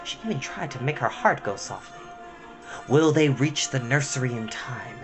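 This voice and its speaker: A man reading a storybook aloud at bedtime, expressive and dramatic with a gentle touch. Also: medium pitch, moderate pace, faint music behind.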